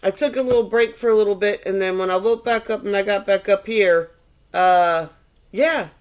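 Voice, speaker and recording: A woman's voice: mid-range voice, moderate pace, close to an everyday voice. A woman voicing a playful, sassy earth goddess who talks in a breezy, chatty way.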